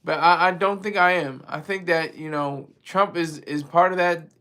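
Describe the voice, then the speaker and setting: Animated man rambling through political commentary. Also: a little high, moderate pace, clean tone. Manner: animated, rambling, frequent restarts. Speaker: vlog host.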